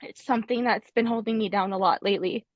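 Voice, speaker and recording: A woman taking part in a video-call ritual, emotional and close to tears, sharing in a halting, heartfelt way. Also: mid-range voice, dry recording, dull audio. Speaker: ceremony participant.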